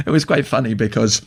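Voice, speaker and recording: Speaking low with vocal fry and a slightly rough edge, the same older guest minister from Scotland spins stories in a relaxed interview. He chuckles often and frequently starts his sentences over.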